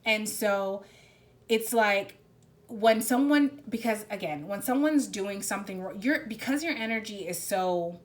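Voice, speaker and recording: Woman tarot reader, casual spiritual reading, rambling, emphatic delivery, mid-pitched voice. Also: unhurried.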